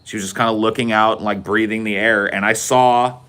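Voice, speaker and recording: A man's voice: on the low side, steady tone, fairly quick, bright, forceful tone, clean tone. A man hosting a podcast, telling a rambling, profane story in casual chat. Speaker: podcast host.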